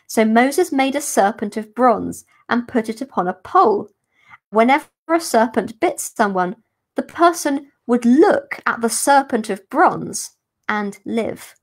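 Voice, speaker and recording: A woman, a religious sister, explaining a gospel passage in a careful, unhurried teaching manner for a podcast. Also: on the high side, animated. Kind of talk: podcast scripture commentary.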